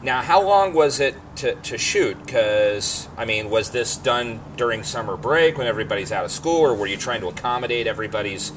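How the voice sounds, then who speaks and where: Hesitant male co-host, mid-pitched. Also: expressive, a little fast, few pauses, fairly bright tone, slight background noise, rough recording. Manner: hesitant, many fillers while forming questions. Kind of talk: casual interview.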